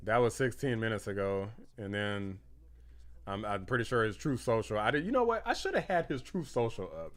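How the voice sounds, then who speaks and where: A man hosting a political live stream, reacting excitedly to posts and news, laughing and rambling between thoughts. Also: lowish voice, a little fast. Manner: rambling with restarts and fillers. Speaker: political livestream host.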